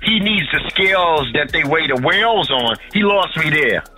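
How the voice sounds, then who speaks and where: A man's voice: a little high, normal speed, soft background music, poor audio. A man from Harlem talking casually and bluntly, swearing often and restarting his sentences as he argues his opinions. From Harlem, New York. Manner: animated, profane, opinionated, many restarts. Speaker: podcast co-host. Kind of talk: casual chat.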